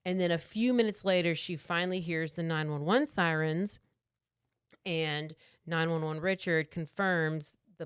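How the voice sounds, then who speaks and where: A woman's voice: fairly low pitch, smooth, dry recording, clean studio sound. A woman co-hosting a podcast, casually retelling a true crime story with lots of "like" and acted-out quotes. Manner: chatty storytelling, acts out quotes, many "like"s. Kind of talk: casual chat.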